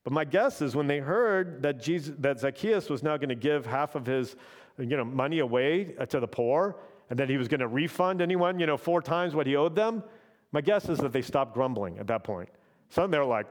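Man, pastor, sermon, conversational, keeps asking "right?", somewhat high voice. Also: animated, normal speed. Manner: conversational, often adds "right?".

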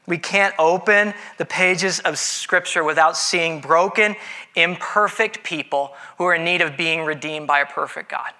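Bright high-voiced male preacher. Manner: conversational preaching with dramatic pauses and voiced asides. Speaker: pastor. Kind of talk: sermon.

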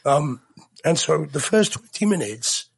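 A man's voice: a little high, expressive, a little slow, creaky, slightly rough. An English man co-hosting a podcast, telling a story in a chatty, teasing way. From England. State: coughing. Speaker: podcast co-host. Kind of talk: casual chat.

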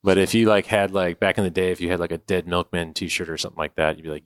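Man, podcast host, casual, meandering, jokey, low smooth voice. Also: steady tone, fast, no echo, clean studio sound. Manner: rambling and joking, laughs often. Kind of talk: casual chat.

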